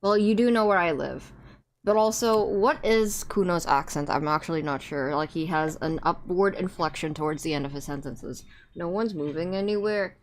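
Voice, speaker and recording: Low-voiced woman streaming a game. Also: normal speed, slight background noise. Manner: rambling with many fillers and restarts, chatting to viewers. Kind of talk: casual gameplay commentary.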